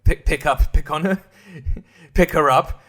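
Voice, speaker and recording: A man's voice: a little high, unhurried, a bit bright. A man hosting a podcast, ranting about a film in a sarcastic, profane way, often laughing and mocking characters in put-on voices. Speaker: podcast host. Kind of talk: casual film review rant.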